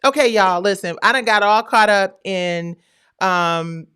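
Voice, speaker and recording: A middle-aged woman hosting a livestream, talking in a casual, animated, slangy way. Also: medium pitch, measured pace, clean tone. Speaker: livestream host.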